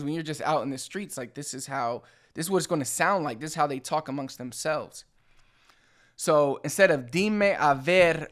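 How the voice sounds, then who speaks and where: A man's voice: a little high, a bit bright. A man from the Dominican Republic giving a casual video lesson as the channel's host, talking loosely with lots of "like" and "you know.". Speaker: Spanish teacher and channel host.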